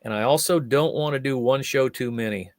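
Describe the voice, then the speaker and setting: An older fire eater and magician, guesting on a chat show, tells stories in a medium-pitched voice that runs a little fast, with no echo. He's a spirited storyteller who mimics the voices of the people in his tales.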